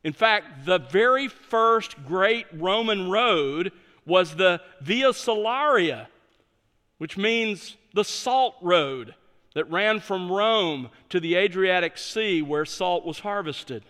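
A man's voice: high-pitched, lively intonation, takes it slowly, bright, forceful tone, big-room sound. A man pastor preaching a sermon, stressing key words with emphatic delivery.

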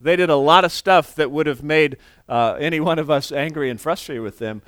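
A man's voice: on the high side, a little fast, a bit bright, clean tone, dry recording, clean studio sound. A man in his forties preaching a sermon in a conversational way, often restarting words and acting out quoted voices. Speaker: pastor.

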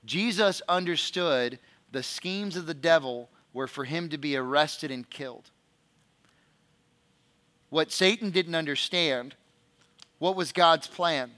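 Male pastor, sermon delivery, bright tone, slightly high voice, reads scripture and asks questions. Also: takes it slowly, pauses often.

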